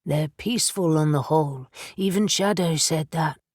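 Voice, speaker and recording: A woman voicing a composed, reassuring young winged man in an audiobook, speaking in a steady, matter-of-fact way. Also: sits low, moderate pace, no echo, clean studio sound.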